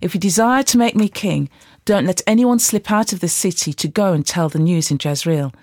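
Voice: mid-range voice, normal speed, darkish tone, no room sound, studio quality, natural voice. A Bible reader voicing a fierce male army commander who has just been made king, speaking sternly in a scripture reading. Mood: commanding.

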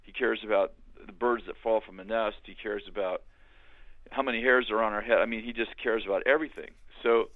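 An older man telling his story in a halting, conversational way, with many restarts, as a guest on a remote call. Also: lowish voice, steady tone, dry recording. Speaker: guest, author and minister. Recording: tinny phone-like line.

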